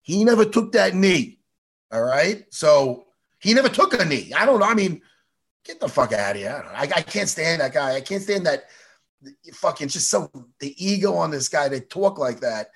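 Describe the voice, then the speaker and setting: A man's voice: a little high, normal speed, slightly rough. A man hosting a podcast in casual, profane, rambling chat. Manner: animated, swears a lot, rambling. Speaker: podcast host.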